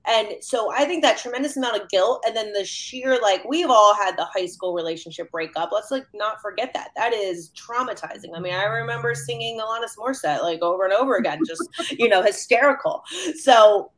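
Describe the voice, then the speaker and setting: A woman on a panel discussion, talking in an animated way with quick asides and many fillers. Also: medium pitch. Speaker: counselor panelist.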